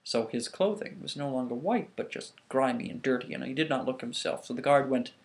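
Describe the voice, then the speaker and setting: A man casually telling a myth to the camera, animated, with frequent restarts. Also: medium pitch, fairly quick, vocal fry. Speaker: vlogger. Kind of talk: casual storytelling.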